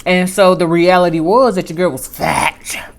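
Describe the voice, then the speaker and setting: A woman vlogger chatting casually to her viewers in a rather low voice. She tells her story in an animated way, rising and falling in pitch and loudness as she goes. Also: normal speed, creaky. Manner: chatty storytelling with lively swings in pitch and volume. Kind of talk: casual chat.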